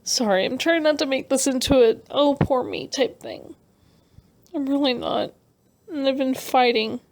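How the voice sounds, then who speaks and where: A young adult woman vlogger talking earnestly and emotionally in a halting personal rant over her speed painting. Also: sits high, slight background noise. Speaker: artist vlogger.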